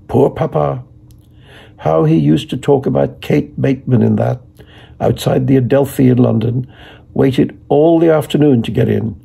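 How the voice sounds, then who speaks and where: Gravelly, very husky male reader. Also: mid-range voice, dark tone. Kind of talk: literary audiobook reading.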